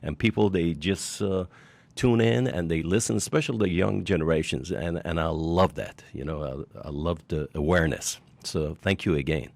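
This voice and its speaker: An older man hosting a radio interview, rambling with pauses and gushing with praise. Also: low voice, creaky, no room sound. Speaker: radio show host.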